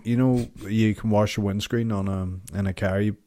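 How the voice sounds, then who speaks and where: A man's voice: fairly low pitch, fairly even intonation, moderate pace, mellow, no room sound. A young man, co-hosting a casual podcast chat, rambling and swearing freely as he talks. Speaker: podcast co-host.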